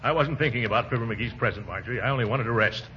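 An actor playing a blustery, pompous middle-aged uncle in a 1940s radio comedy, with a flustered, bombastic delivery. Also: male voice, very fast, slight background noise, close to an everyday voice. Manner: bombastic, flustered, booming outbursts. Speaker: uncle and employer. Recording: muffled old radio broadcast.

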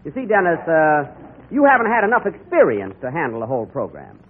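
Brief: middle-aged male comic host, high and wildly swooping, tinny old radio sound. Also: a little fast. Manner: exasperated, deadpan comic timing. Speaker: comedy show host. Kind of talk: scripted radio comedy banter.

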